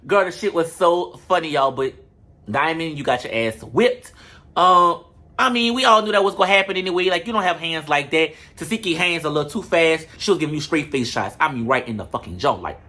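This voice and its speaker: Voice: mid-range voice, animated, a little fast, bright, forceful tone. A vlogger giving a sassy, profane, comedic recap of a reality show and talking straight to viewers.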